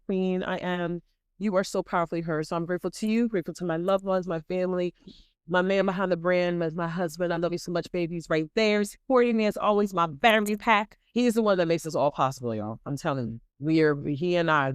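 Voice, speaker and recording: A woman hosting a motivational podcast on a close microphone. She speaks emphatically and repeats herself, calls her listeners queens and y'all, and swings between excited bursts and soft, intimate asides. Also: lowish voice, clear, resonant tone, no room sound. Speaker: podcast host. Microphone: close studio microphone.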